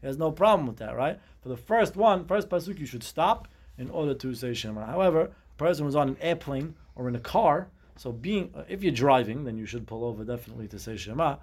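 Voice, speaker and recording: A man's voice: medium pitch, expressive, brisk, breathy edge. A man teaching a Talmud class, explaining step by step and mixing Hebrew terms into his English.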